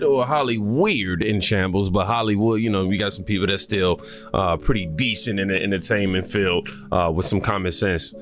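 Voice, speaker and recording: A man's voice: fairly low pitch, fairly bright tone. A man giving casual political commentary in a conversational way, with frequent fillers.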